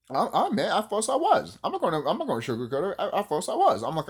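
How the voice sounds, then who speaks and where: Heated, profane man ranting with swooping pitch. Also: wildly swooping pitch, fast talker, hardly any pauses, slightly rough. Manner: heated, profane, preachy, rambling. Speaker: vlogger. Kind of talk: unscripted rant to camera.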